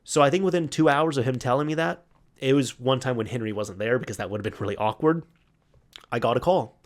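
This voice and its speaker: A man's voice: medium pitch, fast. A man hosting a solo podcast, casually retelling an old workplace story, quoting coworkers in his own voice and laughing at the memory. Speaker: podcast host.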